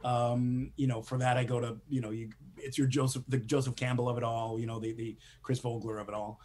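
A man with a husky, slightly rough voice chats as a guest in a relaxed interview. He tells his stories with energy, acts out little quoted exchanges and laughs often as he goes. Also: medium pitch, a little fast. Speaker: guest screenwriter. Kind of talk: casual interview chat.

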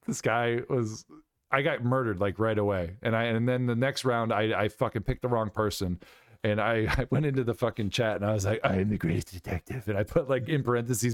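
A man's voice: medium pitch, no echo, studio quality. A young man co-hosting a podcast in loose, profane casual chat, laughing often. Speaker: podcast co-host.

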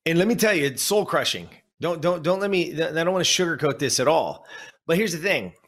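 A man's voice: on the high side, expressive, fairly quick, fairly bright tone. A man in his fifties from Southern California, a coach and former athlete, telling an emotional personal story in earnest, repeating phrases for emphasis and speaking straight to the listener. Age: 50s.

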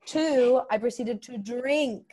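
A woman's voice: fairly high pitch, slow pace, slightly rough. A young Australian woman, a comedian, telling a candid comic story on a podcast and acting out the quotes. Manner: animated, swings into acted-out quotes.

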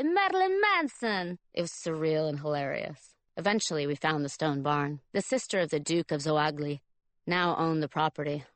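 Low, dry-voiced woman reading a memoir. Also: no room sound. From Italy. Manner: dry, wry first-person storytelling. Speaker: memoir reader. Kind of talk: audiobook narration.

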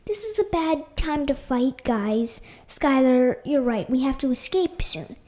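A woman voicing a calm, sensible girl who reasons with her friends. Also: high voice, a little slow.

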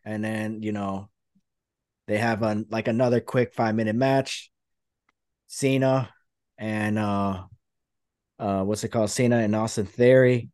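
A man's voice: lowish voice, fairly even intonation, unhurried, long pauses, a little mellow, dry recording, studio quality. A man hosting a podcast, rambling through a play-by-play retelling in casual chat. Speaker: podcast host.

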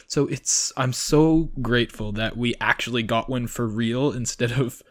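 A man's voice: mid-range voice, steady tone, unhurried, no room sound. A Canadian man co-hosting a podcast in casual chat, rambling and laughing often, speaking very close to his pop filter. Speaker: podcast co-host.

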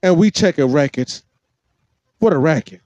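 A man's voice: animated, normal speed, darkish tone, no room sound. A man hosting a podcast, giving mocking, sarcastic reaction commentary on a clip. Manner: mocking, sarcastic, swings between shrill and low.

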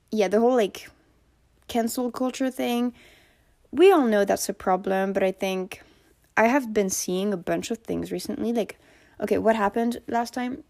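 A young woman hosting a solo podcast, chatting casually with lots of fillers and animated quoting of others. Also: medium pitch. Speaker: podcast host.

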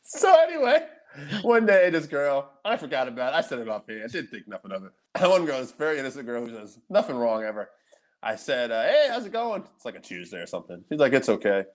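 A man co-hosting a podcast, telling stories in casual chat, animated and laughing often, with frequent swearing. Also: medium pitch, fast. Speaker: podcast co-host.

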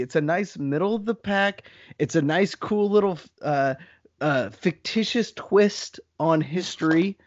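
A man's voice: fairly high pitch, unhurried. A man co-hosting a podcast in casual chat who talks in a jokey, playfully defensive way. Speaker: podcast co-host. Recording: muffled lo-fi podcast audio.

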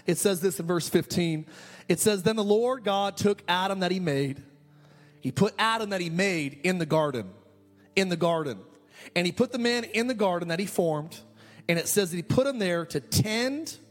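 A man preaching a sermon as a pastor, asking rhetorical questions and repeating key phrases. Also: fairly high pitch.

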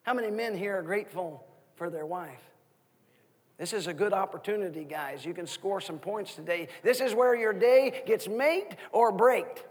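A man in his thirties preaching a sermon as guest minister, asking the congregation questions in an animated way. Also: high-pitched, normal speed, husky, in a large hall. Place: church sanctuary.

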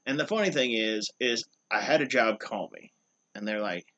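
Rambling, animated man telling a work story. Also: fairly low pitch, moderate pace, dull audio. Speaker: podcast co-host. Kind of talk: casual storytelling chat.

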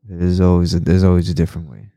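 A man's voice: low-pitched, fairly even intonation, quick pace, mellow, no room sound, studio quality. A man hosting a casual podcast chat, rambling and swearing a lot, laughing often and getting worked up when he complains. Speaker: podcast host.

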